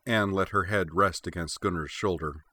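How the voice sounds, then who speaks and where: Brief: male narrator with a deep, dry, close-mic read. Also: normal speed, pushed and bright, no echo. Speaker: audiobook narrator. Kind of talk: scripted narration.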